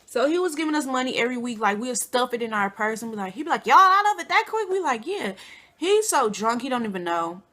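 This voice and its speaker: A young woman from Flint, Michigan, telling a storytime to her viewers in a chatty, animated way. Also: fairly high pitch, fast talker. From Flint, Michigan, USA. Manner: chatty, addresses viewers as y'all and girl, animated quotes. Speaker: vlogger. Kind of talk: casual storytime.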